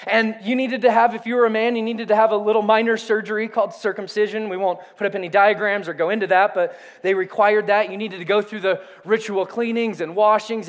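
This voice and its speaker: A man preaching a sermon to his congregation, animated, calling on them to repeat words with him. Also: high voice, a little fast, hardly any pauses. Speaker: pastor. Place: church sanctuary. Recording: reverberant hall.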